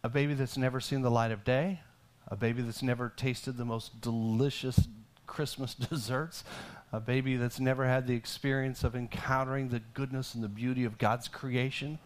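A middle-aged man preaching a sermon, animated and talking with many restarts and asides. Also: mid-range voice, moderate pace. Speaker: pastor.

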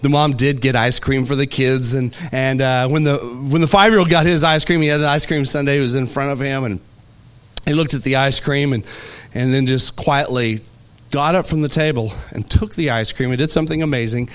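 A man preaching a sermon, telling stories with animated delivery and acting out voices. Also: mid-range voice, brisk. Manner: animated storytelling, acts out voices. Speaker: pastor.

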